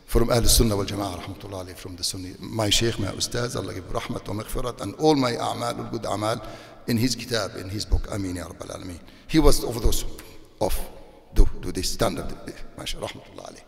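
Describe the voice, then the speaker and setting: Sheikh in a hall. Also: male voice, on the low side, creaky. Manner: non-native English with frequent Arabic religious phrases, animated when scolding. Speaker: sheikh giving a religious talk. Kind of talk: sermon. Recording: long reverb of a hall.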